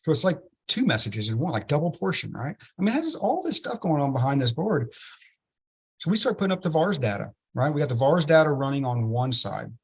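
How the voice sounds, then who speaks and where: A man, an interview guest telling a story with excitement and many "right?" tag questions. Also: a little high, fairly quick, vocal fry, slightly rough. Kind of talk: enthusiastic storytelling in a podcast interview.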